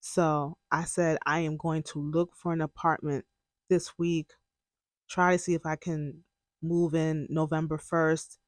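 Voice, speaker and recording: Give me a young adult host telling their own story in a candid, emotional way, with a voice of ordinary middle pitch. They often act out what they said back then. The sound is dry and close, with no room echo. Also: flat delivery, a little slow. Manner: candid and emotional, breaks into laughs and tears; relives moments by quoting their own past words. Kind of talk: casual personal storytelling.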